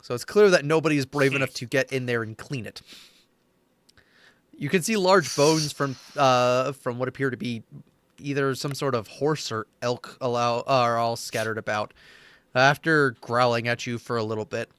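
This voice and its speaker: A man narrating a tabletop game as game master, halting often with fillers. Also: medium pitch, fairly bright tone, clean tone.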